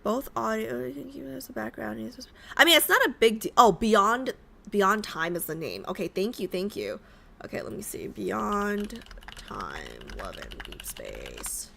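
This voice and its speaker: A woman's voice: medium pitch, sing-song, unhurried, gravelly, bright, forceful tone, a little hiss or hum. A woman streamer chatting casually with her viewers, rambling and often asking them questions. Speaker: live streamer. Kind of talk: casual live-stream chat. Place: home streaming setup in New York.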